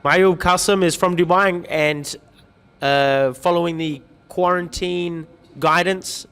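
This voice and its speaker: A man runs a livestream, reading viewer comments and welcoming people by name with light humor in lively, chatty conversation. He speaks slowly with fairly even intonation, and his voice sits high, a bit bright, clear and resonant. The sound is that of a big room.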